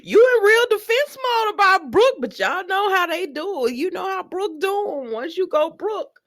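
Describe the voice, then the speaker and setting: A woman giving a casual, animated recap of a soap opera, speaking straight to her viewers with slangy asides. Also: very high-pitched, moderate pace.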